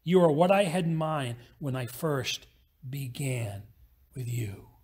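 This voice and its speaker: A man preaching a sermon as pastor, telling a parable with quick, acted-out voices. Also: medium pitch, expressive, darkish tone, breathy edge.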